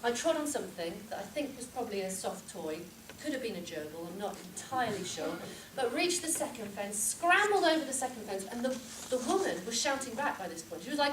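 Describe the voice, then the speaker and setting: Animated woman telling a comic story. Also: fairly high pitch, fairly quick, hardly any pauses. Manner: animated storytelling with shouted reenactments. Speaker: contest speaker. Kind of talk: humorous speech. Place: club meeting room with audience. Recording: echoey room from far off, noisy.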